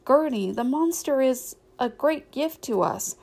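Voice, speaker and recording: A woman's voice: sits high, expressive, measured pace, creaky, darkish tone, voice pushed up, full character voice. An earnest young boy, as a woman reading a storybook puts him on, with a slightly raised voice. He is sincere and a bit pleading.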